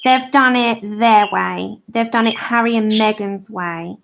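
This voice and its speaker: A woman's voice: medium pitch, measured pace, creaky, noisy background. A woman hosting a livestream, chatting casually while she colors and answers viewers in the chat. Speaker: livestream host. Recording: slightly dull lo-fi sound.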